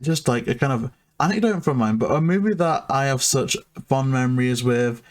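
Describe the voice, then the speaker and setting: A young man co-hosts a relaxed interview and talks with eager enthusiasm, full of "like" and loose fillers. His pitch is ordinary and middle for a man. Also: normal speed. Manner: enthusiastic, filler-heavy with lots of "like". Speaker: podcast co-host interviewer. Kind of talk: casual interview chat.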